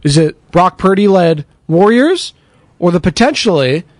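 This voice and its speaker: A man's voice: high-pitched, a little slow, no room sound. A man hosting a sports talk radio show, chatting energetically and reading out listener texts. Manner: energetic, chatty, takes text-line messages.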